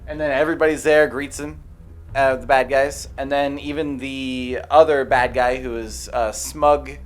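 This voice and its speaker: A man recapping a movie plot casually, halting often with fillers. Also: mid-range voice.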